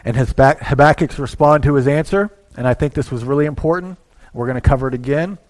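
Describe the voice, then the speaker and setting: A man preaching a sermon in a church, talking conversationally and acting out little asides as he swings between quiet and loud. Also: mid-range voice, a little fast. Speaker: pastor.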